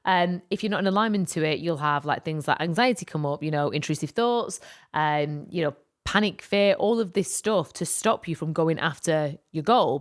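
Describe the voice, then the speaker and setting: Low-voiced woman telling a story. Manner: animated, rambling, frequent fillers. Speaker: podcast co-host. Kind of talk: casual storytelling chat.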